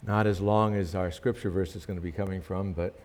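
A man's voice: deep voice, fairly even intonation, fairly quick, darkish tone. A male pastor praying earnestly and then telling a story in a sermon, with emphatic rises in his delivery.

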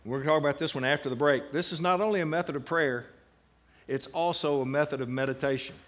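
A man's voice: on the high side, quick pace. A middle-aged man giving a classroom lecture on Bible meditation, putting questions to his students and answering them. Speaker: seminary lecturer.

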